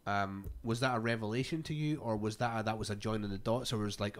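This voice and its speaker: A man's voice: lowish voice, fast talker, few pauses. A man hosting a casual podcast chat, joking around and asking several questions in a row. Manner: jokey, asks stacked questions. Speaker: podcast host.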